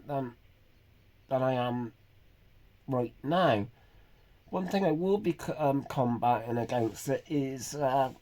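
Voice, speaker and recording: A man, talking in a halting, hesitant way with many pauses and restarts in an earnest, emotionally raw personal vlog. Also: mid-range voice, dark tone. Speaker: vlogger. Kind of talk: personal confessional monologue.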